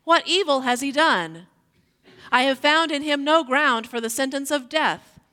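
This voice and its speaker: A woman giving a measured, deliberate scripture reading, slowing down on key lines, in a church sanctuary. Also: sits high, animated, pushed and bright, big-room sound. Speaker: scripture reader.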